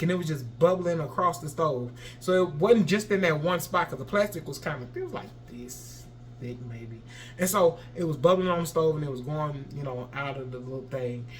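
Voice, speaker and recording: Animated high-voiced young man telling a story. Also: a little hiss or hum. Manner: animated and expressive, acts out sounds and his own panic. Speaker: vlogger. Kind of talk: storytelling vlog.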